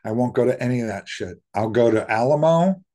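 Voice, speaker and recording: A man's voice: medium pitch, expressive, brisk, dark tone. A man co-hosting a podcast in casual chat, speaking bluntly and often backing the other host up with short mm-hmms. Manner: blunt, backchannels with mm-hmm.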